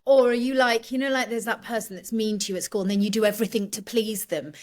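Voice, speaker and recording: Chatty woman host, bright higher voice. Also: steady tone, fast talker. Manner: chatty, laughs often, loose phrasing. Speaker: interview host. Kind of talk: casual interview chat.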